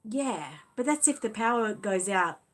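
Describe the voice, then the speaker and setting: An Australian woman hosts a relaxed live stream, chatting through her viewers' comments in a friendly, easygoing way. Her voice sits in a middle pitch, and she talks casually and reacts with small laughs as she goes. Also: measured pace. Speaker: channel host reading viewer comments.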